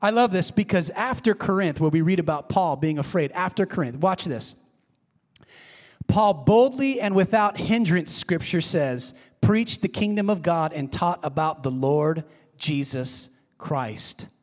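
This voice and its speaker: A man preaching a sermon as pastor, emphatic and swinging from high excited emphasis to quiet, hushed prayer. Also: a little slow. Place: church sanctuary. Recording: reverberant hall.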